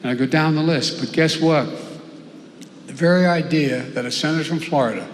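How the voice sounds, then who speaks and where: An older man giving a campaign speech as a politician, rambling with halting restarts. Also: a little high. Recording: echoey hall, faint noise.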